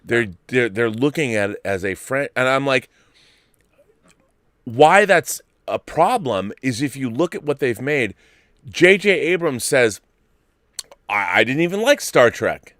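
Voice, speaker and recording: A middle-aged man hosting a late-night live-stream, ranting hard and swearing freely. His voice is bright and forceful. The sound is close and dry, with no room around it. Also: medium pitch, animated, a little slow, no echo. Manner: ranting, profane, loud bursts. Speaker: host.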